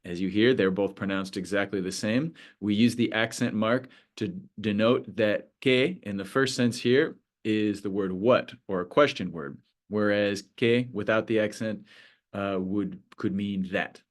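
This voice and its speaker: A male Spanish teacher explaining a beginner lesson, patiently slowing down to model words. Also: on the low side.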